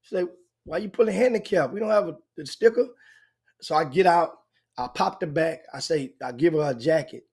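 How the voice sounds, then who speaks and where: An older man with a drawl spins a long, meandering story as a talk show host. His voice sits a little high, and he circles back on himself as he talks. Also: fairly quick, breathy edge. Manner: animated, rambling anecdote with frequent restarts. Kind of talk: casual storytelling chat.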